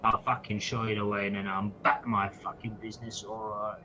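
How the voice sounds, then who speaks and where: A hunchbacked little satyr, put on by a man, grumbles in a low, muttering voice and swears at every turn. His manner is surly and scornful. The sound comes through a dull, lo-fi microphone. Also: flat delivery, fairly quick, pushed and bright, slight background noise. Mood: grumbling. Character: grumpy stunted male satyr guide, foul-mouthed.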